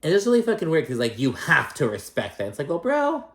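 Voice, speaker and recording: Profane, animated man in an echoey room. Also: mid-range voice, quick pace. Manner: profane, animated, acts out quotes. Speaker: host. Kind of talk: casual recap commentary.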